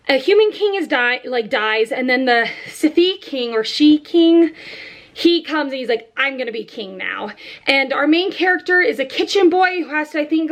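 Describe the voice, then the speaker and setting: A woman with a notably high voice runs through her reading list in an easy, casual way. Her talk is loose and chatty, full of fillers and quick asides, and she speaks close to the mic. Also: a bit bright. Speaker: book vlogger. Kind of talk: casual chat about books.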